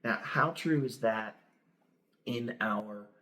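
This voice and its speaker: A middle-aged man talks through stories in a relaxed podcast chat. He is a straightforward talker who laughs easily, in a voice of middling pitch. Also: takes it slowly. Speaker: pastor and podcast co-host. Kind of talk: casual chat.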